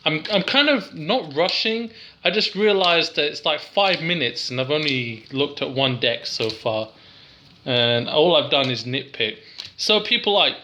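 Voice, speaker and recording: A man's voice: fairly high pitch, animated, unhurried, pushed and bright, a little hiss or hum. A young English man rambling through a casual, giggly, self-deprecating card review.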